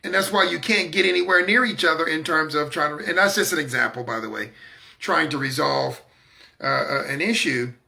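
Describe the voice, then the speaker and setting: An emphatic man delivers a preaching-style talk on his own broadcast. His voice sits high and sounds very bright, with a gravelly catch in it. He talks with firm confidence and circles back on key words for stress. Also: a little fast. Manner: repeats words when stressing a point. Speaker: broadcast host.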